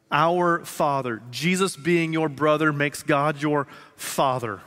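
Earnest man preaching in an echoing hall. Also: on the high side. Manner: earnest, repeats phrases slowly for emphasis, swings from loud to hushed. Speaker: pastor. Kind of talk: sermon. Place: large church sanctuary. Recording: long reverb of a large hall.

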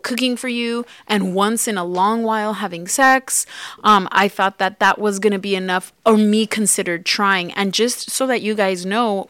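A woman's voice: medium pitch, a bit bright, no echo. A woman co-hosting a relationship podcast, talking in casual chat with a heartfelt, confessional manner and acting out remembered quotes. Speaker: podcast co-host.

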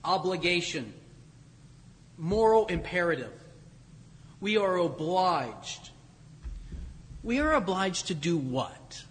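A man preaching a sermon to a congregation in a church, emphatic, repeating key phrases and slowing down to stress them. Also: high voice, very animated, a bit bright. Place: church sanctuary. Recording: long church reverb.

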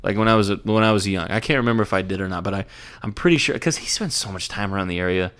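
Young man, low-ish voice, relaxed podcast banter full of fillers. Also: very fast, clean tone. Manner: laid-back, profane, many fillers and restarts. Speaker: podcast co-host. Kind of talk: casual chat about sports.

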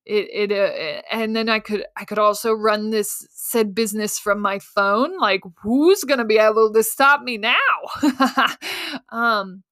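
A woman's voice: medium pitch, unhurried, a bit bright, dry recording, clean studio sound. A woman hosting a solo podcast, telling her story in a candid, self-mocking way with casual fillers. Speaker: podcast host.

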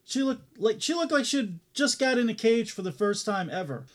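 A man with a high-pitched voice talks fights on a casual podcast. He rants heatedly and swears freely as he argues his point. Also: expressive, normal speed. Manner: profane, heated ranting. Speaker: podcast co-host. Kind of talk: casual fight-talk chat.

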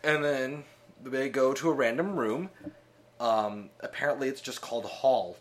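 A man's voice: medium pitch, unhurried, slight background noise. A man guest co-hosting a podcast, chatting casually with dry jokes and frequent laughter. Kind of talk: casual chat.

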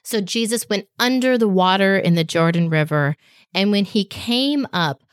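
A woman hosting a children's faith podcast, speaking directly to kids in a slow, emphatic teaching voice. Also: medium pitch, expressive, clean tone, no room sound, clean studio sound. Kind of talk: scripted faith lesson for children. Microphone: podcast microphone.

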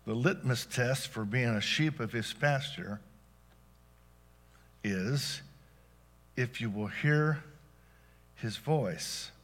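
A man preaching a sermon as pastor, dynamic, swinging from loud exclamations to hushed asides. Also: mid-range voice, takes it slowly, pauses often.

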